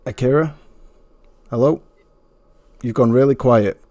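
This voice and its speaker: A man's voice: medium pitch, unhurried, darkish tone, no room sound. A man hosting a casual gaming podcast, laid-back and friendly, introducing his panel. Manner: laid-back, friendly, calls people bro. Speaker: podcast host.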